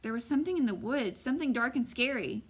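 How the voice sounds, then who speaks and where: A woman's voice: fairly high pitch, lively intonation, quick pace, breathy edge. A woman reading an audiobook and voicing a frightened, protective older brother who talks urgently. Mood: shaken. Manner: urgent, shouting warnings.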